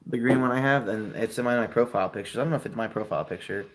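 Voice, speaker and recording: A man's voice: mid-range voice, rapid-fire, background noise. A young man in his twenties hosting a casual live stream, chatting with viewers and giving friendly advice.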